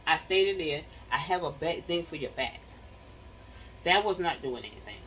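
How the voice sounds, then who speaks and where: A woman's voice: sits low, expressive, moderate pace, fairly bright tone, far from the mic, a little hiss or hum, poor audio. Chatty slangy woman vlogging from home. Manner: chatty, slangy, laughs often. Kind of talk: casual chat to the camera. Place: home bedroom.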